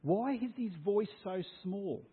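A man preaching a sermon as pastor, swinging from loud declarations down to a hushed near-whisper. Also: high voice, slow pace, husky. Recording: tinny phone-like sound.

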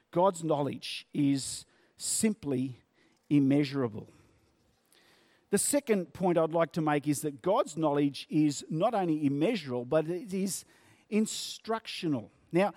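High-voiced man preaching in measured tones. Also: darkish tone, no echo, clean studio sound. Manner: measured, stretching key words for emphasis. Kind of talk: sermon.

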